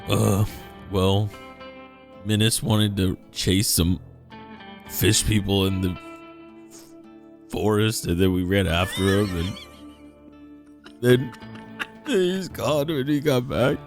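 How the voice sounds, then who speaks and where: A man playing a tabletop game, describing his character in a halting, laughing way. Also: on the low side, gravelly, faint music behind. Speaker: player. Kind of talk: casual tabletop play.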